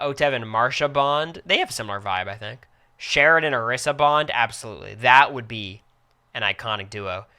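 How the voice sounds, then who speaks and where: A man's voice: medium pitch, clean tone. A young man giving casual, reactive play-by-play commentary on a live stream. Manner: quick, reactive play-by-play with excited outbursts.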